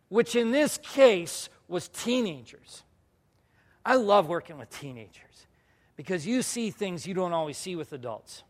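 A high-pitched man preaching a personal testimony as a youth pastor. He tells the story with animation, jumping from loud bursts to quiet, hushed asides. His voice carries a long reverb from a large church hall. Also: big pitch swings, unhurried. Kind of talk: sermon testimony to a congregation.

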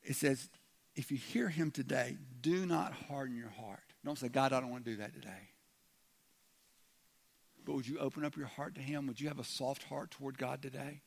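A man's voice: mid-range voice, fairly quick, gravelly, slightly rough. A man preaching a sermon as pastor, speaking conversationally and restarting words, sometimes acting out quoted voices. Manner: conversational, repeats words when starting, acts out quoted voices.

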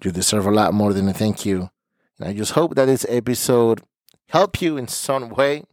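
A man's voice: on the low side, steady tone, moderate pace, a little mellow, no room sound, studio quality. A man hosting a podcast as a therapist, speaking earnestly and emotionally and often repeating words as he searches for them. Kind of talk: heartfelt podcast monologue.

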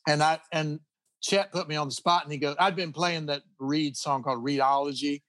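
A middle-aged man spins loose, rambling stories with restarts and little chuckles, as a guest in a relaxed chat. His voice sits a touch high for a man. The sound is dry and close, with no room around it. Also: normal speed, dry recording. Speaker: guest guitarist. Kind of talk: casual storytelling interview.

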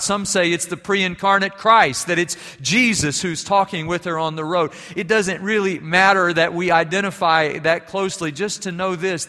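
Man, pastor, sermon, bright forceful voice, long hall reverb. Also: high-pitched. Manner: storytelling, varies between quiet and emphatic.

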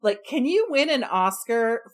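A woman's voice: a little high, lively intonation, unhurried. A woman in casual movie chat, laughing a lot and mimicking characters' reactions.

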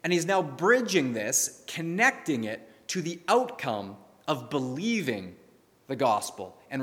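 A man, preaching a sermon in an earnest, measured, storytelling way. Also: medium pitch, fairly bright tone. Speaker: pastor. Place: church sanctuary. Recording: long reverb of a church hall.

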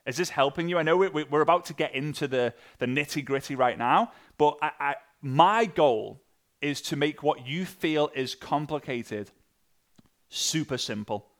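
A man coaching an online audience on sales messaging, energetic and animated, acting out sample messages. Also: normal speed. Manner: energetic, with big jumps in pitch and loudness; acts out sample messages in different voices. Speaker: sales and network marketing coach.

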